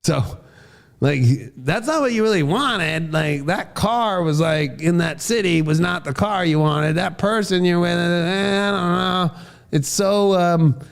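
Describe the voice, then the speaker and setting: Playing an astrologer, a man delivers a horoscope forecast in a casual, profane style, acting out the voices he quotes and bursting into shouts. His voice is high-pitched and gravelly, at a measured pace.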